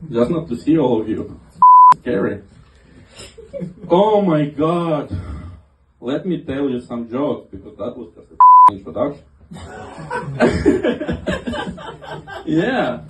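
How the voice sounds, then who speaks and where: Halting, lively man at a comedy club. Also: on the high side, heavy background noise. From half Ukrainian, half Israeli. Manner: lively, self-mocking, halting with fillers. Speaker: stand-up comedian. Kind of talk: stand-up set. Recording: roomy club audio from a distance.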